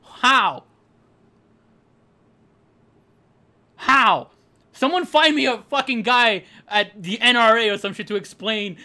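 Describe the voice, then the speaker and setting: A man's voice: extremely high pitch, normal speed, pushed and bright. A young man streaming a racing game, ranting in casual chat with lots of laughter and swearing.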